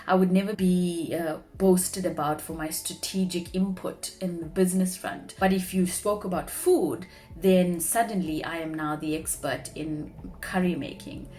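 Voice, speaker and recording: A woman's voice: fairly low pitch, steady tone, a little slow, hardly any pauses, mellow. A young woman speaking earnestly to camera in a personal vlog, sharing heartfelt reflections. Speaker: vlogger; marketing professional.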